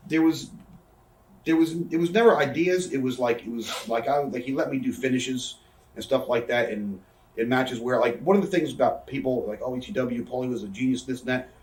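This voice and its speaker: A man in a candid interview, telling backstage stories in a rapid, profane way and acting out what others said. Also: medium pitch, a little mellow. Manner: rapid, profane, acts out quoted voices. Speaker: interview guest, former wrestler. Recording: echoey room, somewhat far from mic.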